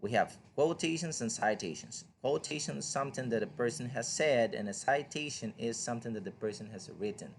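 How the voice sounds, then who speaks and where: A man's voice: medium pitch, a little fast, vocal fry, few pauses, slight background noise. A man whose first language is Spanish, teaching an online English reading lesson in a patient, explanatory way and asking the listener questions. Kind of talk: online lecture.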